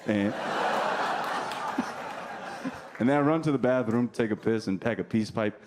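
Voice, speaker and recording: A male comedian from New Jersey performing stand-up, teasing the crowd in a deadpan way while telling stories. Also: on the low side, takes it slowly, long pauses. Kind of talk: stand-up routine with crowd work. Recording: live club recording with audience noise. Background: audience laughter.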